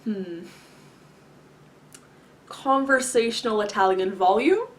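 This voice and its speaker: A woman vlogger answers viewer questions in a casual explanatory talk to camera. Her mid-pitched voice is unhurried and carefully enunciated, with long, frequent pauses filled by ums and throat-clearing.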